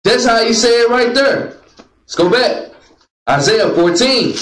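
Teaching a Bible class in a meeting room with roomy echo and slight background noise, a man calls out verses and commands for a reader and jokes with the group. His voice is extremely high pitched, fairly bright and unhurried.

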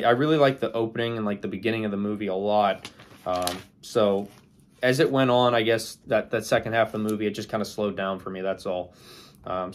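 A young man talking casually about old monster movies, rambling with many ums and likes. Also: fairly low pitch. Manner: rambling, many fillers and restarts. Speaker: movie reviewer. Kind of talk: casual movie ranking talk.

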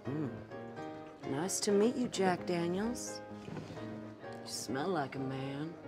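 A flirtatious sultry wife. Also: female voice, lowish voice, expressive, slow pace. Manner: flirtatious, suggestive. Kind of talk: improvised comedy sketch acting. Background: music.

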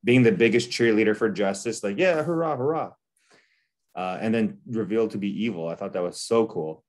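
A man's voice: lowish voice, fairly even intonation, fairly quick. A man hosting a casual manga review chat, ranting with lots of profanity and laughter. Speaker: manga podcast host.

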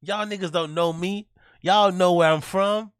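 Guy doing a cocky rapper, fake american accent, pitched up high, bold and swaggering. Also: fairly even intonation, a little slow, smooth, no echo, studio quality. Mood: defiant. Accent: put-on American. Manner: loud swaggering taunts. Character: brash rapper man, swaggering, defiant.

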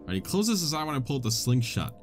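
A man narrates his gameplay in a wisecracking let's-play style, laughing often. His voice swings high and low with lively pitch. Soft game music plays underneath. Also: quick pace. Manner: jokey, wisecracking, laughs a lot. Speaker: gaming channel host.

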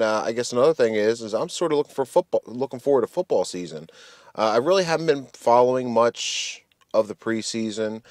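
A man casually talking to his channel's viewers as a gaming commentator, rambling in a relaxed way with lots of fillers. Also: deep voice, no echo, studio quality.

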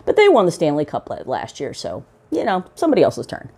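A woman hosts her own pipe-smoking video show with a slightly low voice. She chats casually and meanders, full of fillers and quick to poke fun at herself. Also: wildly swooping pitch, creaky, warm tone, breathy edge. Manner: rambling and self-mocking, many fillers. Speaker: pipe-smoking vlog host. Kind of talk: casual chat to camera.

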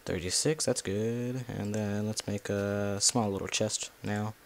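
A man with a somewhat low voice chats loosely to himself as he plays a video game. He rambles and swears at the monsters he fights. A faint background noise sits under his talk. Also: steady tone, unhurried, creaky. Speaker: gameplay video creator. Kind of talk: casual gameplay commentary.

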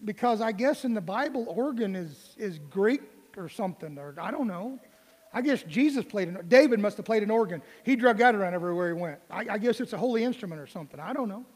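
Middle-aged male pastor, very high voice, folksy humorous preaching, reverberant sanctuary. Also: expressive, fast. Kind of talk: sermon. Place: church sanctuary.

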